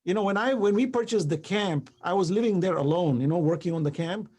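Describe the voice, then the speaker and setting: A man's voice: sits high, fairly quick. A man speaking as a guest on a talk show, earnest and emphatic, telling stories with quoted exchanges. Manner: animated storytelling with quoted exchanges. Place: live online show.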